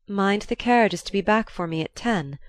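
A woman reading the part of a proud, volatile young countess, shrill and imperious in an audiobook. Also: brisk, no echo, studio quality, close to an everyday voice. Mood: brisk. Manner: imperious, abrupt.

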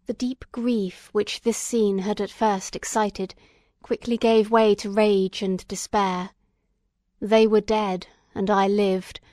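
A woman reading a classic novel aloud as an audiobook, in a solemn, measured narration. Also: medium pitch, level tone, darkish tone, no room sound, studio quality. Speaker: audiobook reader. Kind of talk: scripted narration.

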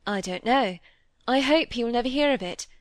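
A woman reading aloud, voicing a troubled, secretive young woman in an old novel who speaks quickly and emphatically. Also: a little high, expressive, dry recording, pitched above the performer's own voice, close to an everyday voice.

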